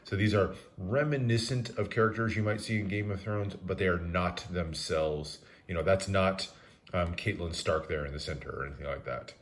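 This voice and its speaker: A man giving a relaxed, methodical review of a deck of playing cards, with frequent "uh" fillers. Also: low-pitched, moderate pace. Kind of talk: casual product review narration.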